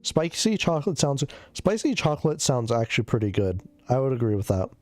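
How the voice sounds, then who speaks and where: A man's voice: medium pitch, big pitch swings, a little fast, a little mellow, no echo, faint music behind. Sick, loopy man chatting on stream. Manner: loopy, rambling, swears a lot. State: sick, coughing. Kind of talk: casual chat.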